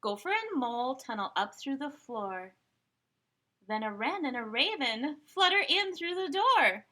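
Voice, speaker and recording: Slow, bright, sing-song woman reading aloud. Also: sits high. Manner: animated, sing-song, with asides to children. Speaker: children's story time reader. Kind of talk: expressive read-aloud storytelling.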